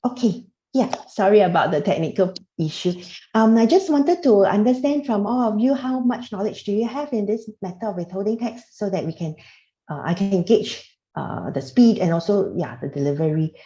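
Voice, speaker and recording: A woman's voice: medium pitch, lively intonation, moderate pace, mellow. A woman giving an online tax lecture on a video call, talking hesitantly with many fillers and restarts. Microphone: computer mic on a video call. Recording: roomy, dull lo-fi video call audio.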